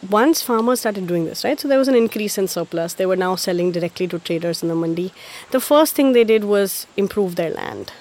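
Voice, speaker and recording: A woman's voice: mid-range voice, animated, fairly quick, darkish tone. A woman explaining in conversation, chatty, often tagging her points with "right" and "you know".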